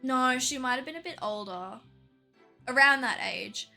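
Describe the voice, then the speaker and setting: Bright-voiced Australian woman chatting on stream. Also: sits high, expressive, moderate pace, vocal fry, faint music behind. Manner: chatty, fills talk with "like", laughs often. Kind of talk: casual livestream chat.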